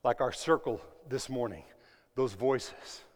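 High, bright-voiced preacher in a ringing hall. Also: male voice, expressive, unhurried. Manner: emphatic preaching, swinging between loud and hushed; asks the congregation questions. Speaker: pastor. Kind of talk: sermon. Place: church sanctuary. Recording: long reverb of a large hall.

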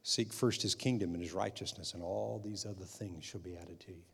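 A man's voice: low-pitched, steady tone, fairly quick, vocal fry, slightly rough. Man preaching in a reverberant hall. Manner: preaching with emphatic repetition, rising loud at climaxes. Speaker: pastor. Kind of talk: sermon.

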